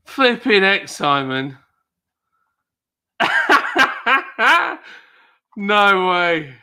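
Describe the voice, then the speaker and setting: A man with a British accent chatting excitedly on a live stream, exclaiming and laughing often. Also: high voice, smooth. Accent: British English. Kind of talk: casual live stream chat.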